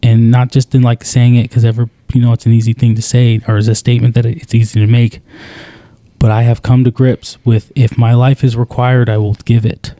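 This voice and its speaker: Earnest halting man, mellow voice. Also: medium pitch, flat delivery, dry recording. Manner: earnest, halting, many restarts. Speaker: podcast co-host. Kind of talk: casual podcast conversation.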